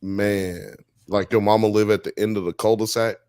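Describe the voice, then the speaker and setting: A man co-hosting a casual live podcast, talking in animated, slangy style and firing off rhetorical questions. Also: on the low side, moderate pace, clear, resonant tone, dry recording, clean studio sound. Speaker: podcast co-host. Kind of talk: casual chat on a live stream.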